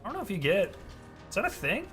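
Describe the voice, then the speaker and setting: A young man chatting casually on a gaming stream, ranting and swearing with animated energy. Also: high-pitched, quick pace, soft background music.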